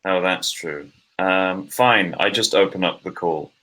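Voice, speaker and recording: A young man at a tabletop game, joking and chiming in with quick asides. His voice is very deep. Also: pushed and bright, rough recording. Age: young adult. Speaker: player. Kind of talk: casual tabletop play.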